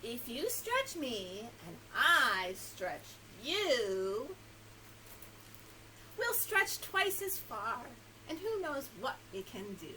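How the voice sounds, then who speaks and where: A woman's voice: a little high, drawn-out words, a little hiss or hum, rough recording. A woman librarian reading a picture book aloud to young children, asking them questions and laughing often. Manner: animated, coaxing questions to young listeners.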